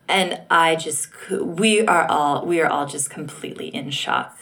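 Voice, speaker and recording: A woman from the United States telling her birth story in an interview, animated, acting out quotes and laughing often. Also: sits low, normal speed, hardly any pauses. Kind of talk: emotional personal storytelling.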